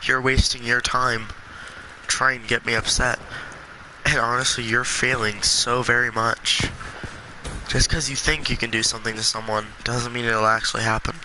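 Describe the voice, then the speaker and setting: A congested man talking earnestly and with passion in a gaming vlog, with halting restarts. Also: mid-range voice, level tone, pushed and bright, slight background noise, rough recording. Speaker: gaming video creator.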